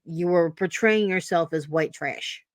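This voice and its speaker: A woman from New Jersey hosts a casual podcast chat. Her voice sits a little low and her delivery is sarcastic and rambling, full of fillers. The recording is close and dry, with no room echo. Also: a little slow. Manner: chatty, sarcastic, many fillers. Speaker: podcast host.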